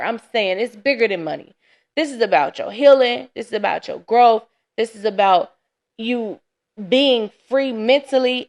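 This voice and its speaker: A woman's voice: on the high side, vocal fry. A woman hosting a casual solo podcast, chatty and candid, sounding tired and laughing often. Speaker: podcast host. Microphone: camera.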